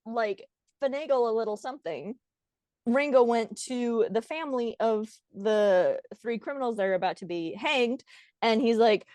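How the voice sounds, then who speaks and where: A woman retelling a film plot in an excited casual chat, gushing and laughing often. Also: normal speed, no echo. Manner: gushing, laughs often, does low gruff voices for quoted characters. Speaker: podcast co-host retelling a film.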